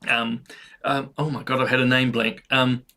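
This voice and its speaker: Gravelly New man commenting. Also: medium pitch, level tone, normal speed, sharp tone. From New Zealand. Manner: earnest, frequent fillers and restarts. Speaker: commentary host. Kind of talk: opinion commentary.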